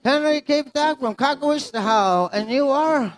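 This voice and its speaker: A man's voice: very high-pitched, moderate pace, faint music behind. A man emceeing a pow wow, announcing live to dancers and crowd in an easygoing, joking way. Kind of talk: live event announcing over a PA. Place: outdoor pow wow arena.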